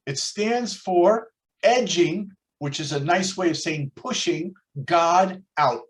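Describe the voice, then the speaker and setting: An older American man teaching a Torah class over a video call, telling stories and acting out the people in them. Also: high-pitched. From United States. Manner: storytelling, lively, acts out quoted voices. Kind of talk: online class lecture.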